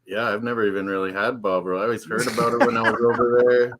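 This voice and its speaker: A man's voice: mid-range voice, little pitch movement, fast talker, over a noisy crowd. A Canadian man co-hosting a casual football chat, joking and laid-back.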